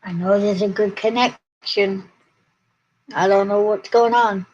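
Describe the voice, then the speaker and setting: Sleepy lady on a home livestream chatting w viewers, talks real slow. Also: mid-range voice, steady tone, darkish tone, muffled recording. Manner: slow, tired, talking to viewers in chat. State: yawning and tired. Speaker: livestream host. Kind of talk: casual livestream chat.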